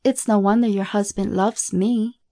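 A woman reading a horror story, voicing a cruel, scornful woman who taunts in a slow, mocking drawl. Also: medium pitch, steady tone, dark tone, natural voice.

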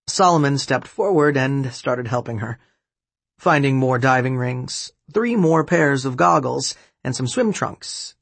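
A man narrating an audiobook in an even, gently expressive reading style, with a husky voice. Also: mid-range voice, unhurried, no room sound. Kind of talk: scripted narration.

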